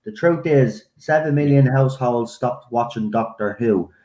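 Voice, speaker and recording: A man's voice: mid-range voice, moderate pace, mellow. A man on a stream as a guest, giving blunt opinions in casual chat, often restarting. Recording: echoey room.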